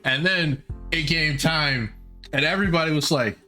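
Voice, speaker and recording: A man hosting a stream, telling a story in a rambling, animated way with frequent laughs. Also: on the high side, normal speed. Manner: animated, rambling, laughing often, swearing casually. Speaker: podcast and stream host. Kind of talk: casual storytelling chat. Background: faint background music.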